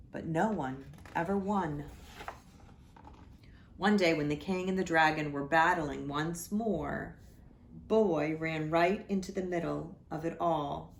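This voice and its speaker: A woman reading a children's picture book aloud at church story time. Her voice is low and gravelly, and she takes the story slowly, gently pointing out the pictures.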